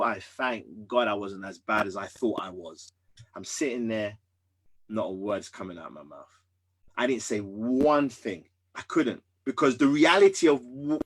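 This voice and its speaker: A man in his thirties, a podcast guest, candidly telling a personal story in an earnest, emphatic way that swings between loud and hushed. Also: medium pitch, normal speed, slightly rough.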